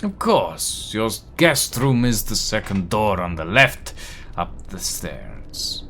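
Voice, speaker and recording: A man's voice: on the low side, very animated, takes it slowly, bright, forceful tone, slight background noise, heavily acted. A man voicing an elderly, guarded grandfather who heads his family, speaking in a formal, old-fashioned way with a put-on accent.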